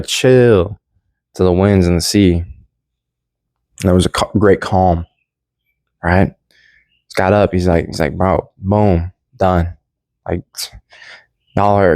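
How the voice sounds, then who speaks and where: A man's voice: low-pitched, darkish tone, no echo. A young man rambling through a casual Bible commentary in slangy, laid-back speech full of restarts. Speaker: Bible study vlogger.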